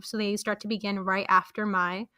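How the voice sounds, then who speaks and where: A woman's voice: mid-range voice, flat delivery, normal speed, sharp tone, smooth, no room sound, clean studio sound. A woman explaining podcast editing in a casual screen-recorded tutorial, walking through each step with friendly fillers. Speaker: teacher showing podcast editing.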